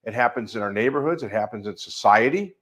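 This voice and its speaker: A middle-aged life coach with a Midwestern American accent talks through a coaching call in a somewhat low voice. He is emphatic and builds his points from long, repeated lists. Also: lively intonation, fast, a bit bright.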